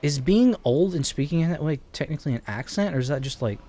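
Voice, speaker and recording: A man's voice: fairly high pitch, quick pace, warm tone. Rambling man in his late twenties. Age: late 20s. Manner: rambling, chuckles often, self-interrupting. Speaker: streamer. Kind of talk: casual live-stream chat while gaming. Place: his bedroom at home. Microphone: streaming mic with noise gate.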